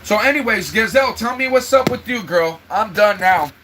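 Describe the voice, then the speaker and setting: High, bright-voiced man venting on a live stream. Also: animated, normal speed, slight background noise, poor audio. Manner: emotional, venting, talks straight to viewers. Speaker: livestream host. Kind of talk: casual livestream chat. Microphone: own microphone for the live stream.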